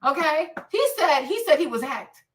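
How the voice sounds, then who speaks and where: A woman giving blunt, profane, animated reaction commentary, often laughing and raising her voice. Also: high voice, normal speed, distant mic. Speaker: commentary streamer.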